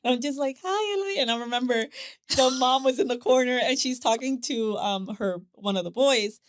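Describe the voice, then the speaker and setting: A woman, a podcast guest, telling a personal story with lively acted quotes, repeated words and frequent laughter. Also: fairly high pitch, normal speed, no room sound, clean studio sound. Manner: animated storyteller who acts out voices, repeats words and laughs often. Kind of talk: casual interview chat.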